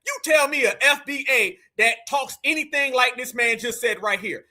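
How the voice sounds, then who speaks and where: A man's voice: very high voice, normal speed, bright, forceful tone. A young man with a Southern US accent, giving brash, mocking reaction commentary full of profanity.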